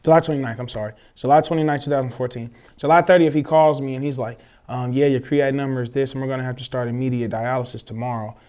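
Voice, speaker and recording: A young man, telling a personal story in casual, slangy, animated chat, acting out the voices of others. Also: medium pitch, quick pace, hardly any pauses, smooth. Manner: animated, swears freely, slangy, acts out quoted voices. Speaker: guest telling his story.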